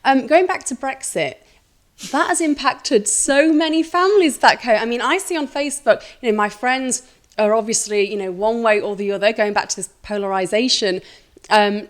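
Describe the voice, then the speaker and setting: Higher-voiced English woman host. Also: moderate pace. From England. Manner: friendly, asks questions, brief backchannels. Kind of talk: casual interview chat.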